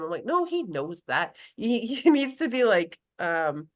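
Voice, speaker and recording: A woman's voice: on the high side, very animated, unhurried. A woman who works as a grief specialist, talking casually in an interview with many restarts, fillers and laughs.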